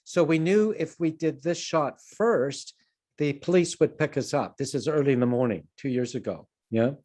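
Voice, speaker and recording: A man's voice: on the high side, moderate pace, a little mellow. An older man from Canada giving an online conference talk on filmmaking, telling anecdotes in a digressive, self-deprecating way over a video call. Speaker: film producer and lecturer.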